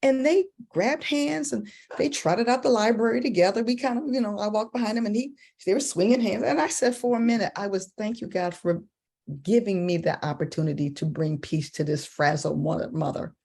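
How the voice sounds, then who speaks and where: A woman in a church women's group telling a personal story in a casual, animated way. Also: fairly quick, vocal fry. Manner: animated, acts out a child's voice in high pitch. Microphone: video call.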